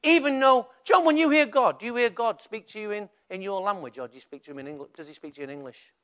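An older pastor with a Mancunian accent preaches a lively sermon in church, asking the congregation questions. His voice sits high, and he speaks fast.

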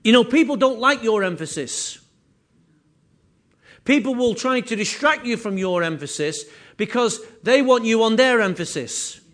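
A man's voice: extremely high pitch, lively intonation, moderate pace, fairly bright tone. A man preaching a sermon as pastor, earnest, circling back on his words and restarting phrases.

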